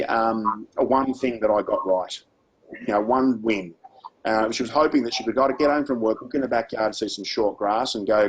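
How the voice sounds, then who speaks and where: A man's voice: on the low side, slightly rough, poor audio. A man with an Australian accent leading a workshop for teachers, speaking in a conversational, practical way and using personal stories. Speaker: education speaker.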